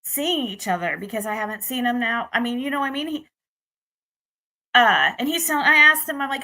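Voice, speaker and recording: A young adult woman from the United States talks through a dating disappointment for her channel, looping back and restarting as she vents. Her voice is bright and ringing, sitting a little higher than most women's. She sounds frustrated and candid. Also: fairly quick. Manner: rambling, restarts, frustrated venting. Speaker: vlogger. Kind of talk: casual personal story to camera.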